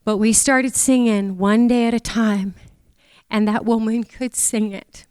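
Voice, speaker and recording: A woman's voice: fairly high pitch, fairly even intonation, measured pace, darkish tone, clean tone, no echo, long reverb tail. A middle-aged woman from Canada giving a tearful, heartfelt memorial tribute to her mother in a church. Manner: tearful, emotional, speaks of feelings openly.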